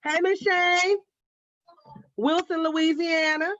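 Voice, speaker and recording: A woman from Oakland, California speaks in a very high voice with fairly even intonation, taking it slowly with a fairly bright tone. She's hosting a craft livestream, casually reading viewer comments and calling people baby and girl. The audio is dry and slightly dull, with no room sound.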